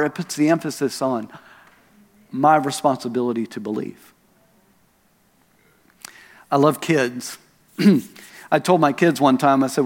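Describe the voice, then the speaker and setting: A man's voice: on the high side, in a large hall. A man preaching a sermon as pastor, telling stories with self-deprecating asides and leaning hard on key words. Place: church sanctuary.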